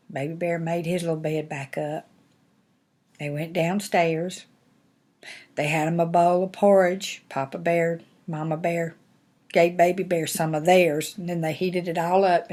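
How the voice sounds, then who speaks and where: An older woman, a grandmother, telling a bedtime-style fairy tale to her grandchildren in a folksy, animated, homespun way. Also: lowish voice. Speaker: grandmother reading stories. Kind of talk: storytelling to grandchildren.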